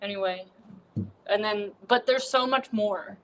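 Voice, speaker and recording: A woman's voice: mid-range voice, unhurried, a little hiss or hum, low-quality recording. Rambling, casual woman livestreamer. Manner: rambling, filler-heavy, irreverent. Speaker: livestream host.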